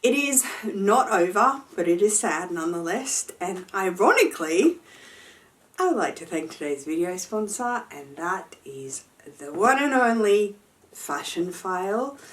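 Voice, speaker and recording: A woman's voice: mid-range voice, very animated, measured pace. A woman fashion vlogger giving a chatty, enthusiastic sponsored product review, full of playful slang.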